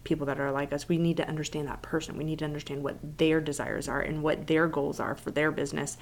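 A woman in her thirties co-hosting a podcast, telling stories in a chatty, animated way. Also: sits low, fast, creaky, slight background noise. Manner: chatty, animated storytelling with laughs. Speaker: podcast co-host. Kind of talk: casual chat.

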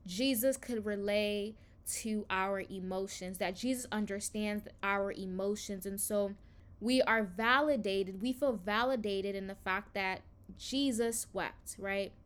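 A woman's voice: a little high, a bit bright. Earnest woman giving a devotional talk. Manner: earnest, reflective, slow pauses. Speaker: podcast host reading scripture and teaching. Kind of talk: devotional teaching.

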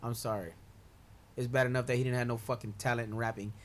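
A man's voice: medium pitch, level tone, quick pace. A young man co-hosting a casual chat, emphatic and slangy, repeating his phrases for effect.

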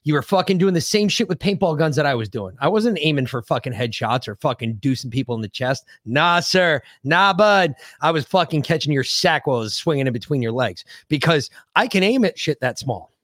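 A man's voice: on the high side, expressive, a little fast, few pauses, a bit bright, no echo, studio quality. A man co-hosting a political podcast, ranting in a heated, profane way. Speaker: podcast co-host. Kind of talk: casual political podcast chat.

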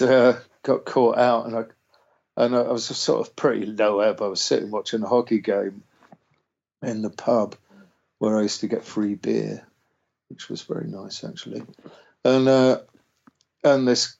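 Male musician, casual storyteller, raspy fry-edged voice, dull recording, swears often. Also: medium pitch, flat delivery, unhurried, pauses often, a little mellow. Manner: rambling, swears freely, acts out quotes. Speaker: musician guest. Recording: dull lo-fi sound.

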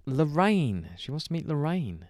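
A man's voice: on the high side, big pitch swings, unhurried, a little mellow, no room sound, clean studio sound. A man co-hosting a casual chat, reading out listener questions and steering the talk, laughing easily. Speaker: podcast co-host.

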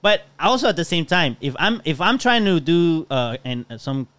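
A man's voice: on the high side, big pitch swings, normal speed, fairly bright tone, clear, resonant tone. A man co-hosting a casual podcast chat, hedging and reasoning his way through a point. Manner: hedging, reasoning aloud, many restarts. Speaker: podcast co-host.

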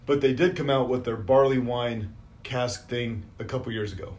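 A man in his forties in casual chat, joking around and swearing with quick asides. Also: medium pitch, steady tone, darkish tone.

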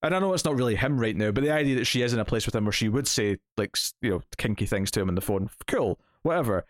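A man's voice: medium pitch, expressive, fast, no room sound, clean studio sound. Rambling man reviewing comics. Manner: rambling, lots of fillers and restarts. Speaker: comic book podcast host. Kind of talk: casual chat reviewing a comic.

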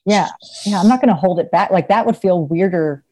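A woman with a fairly low, mellow and relaxed voice talks as a therapist in a casual interview. She is chatty, laughs easily and fills her sentences with "like" and "you know." Her tone stays loose and unhurried. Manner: chatty, laughs often, many fillers. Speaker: therapist, podcast guest.

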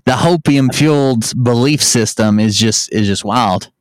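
Host, male, 30s, profane and sarcastic, dry close-mic sound, middle pitch. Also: measured pace, no echo. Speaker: podcast host. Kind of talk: live-stream podcast chat.

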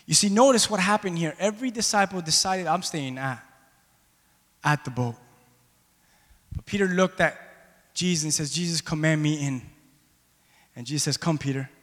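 Impassioned male preacher, high forceful voice, recorded in a church hall with long reverb. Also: normal speed, pauses often. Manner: impassioned, shouting at peaks, addresses the congregation. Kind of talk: sermon.

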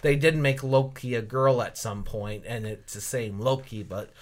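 A man hosting a casual discussion, asking questions and explaining at length in an animated way. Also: medium pitch, normal speed.

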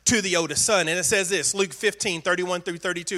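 High, bright-voiced preaching man. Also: steady tone, quick pace, hardly any pauses. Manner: earnest, emphatic preaching with repeated phrases. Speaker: pastor. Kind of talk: sermon.

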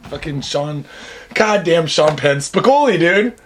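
A man's voice: a little high, animated, measured pace, slight background noise. A man co-hosting a casual comedy podcast, laughing a lot and calling everyone dude. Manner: laid-back, laughs a lot, says dude. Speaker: podcast co-host.

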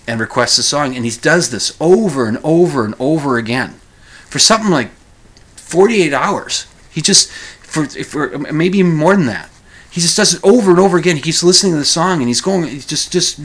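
A man's voice: lively intonation, normal speed, a bit bright. A man hosting a podcast, retelling a story in a casual, rambling way, correcting himself and chuckling as he goes. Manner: rambling, self-correcting, chuckles while recounting; acts out quoted lines in a higher voice. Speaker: podcast host.

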